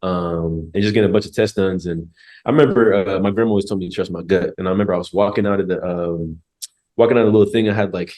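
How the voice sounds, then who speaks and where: A man's voice: low voice, steady tone, fast talker, darkish tone. A young man in his twenties, a podcast guest, telling a personal story in a laid-back, joking way, full of slang and casual swearing. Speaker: podcast guest, former college football player.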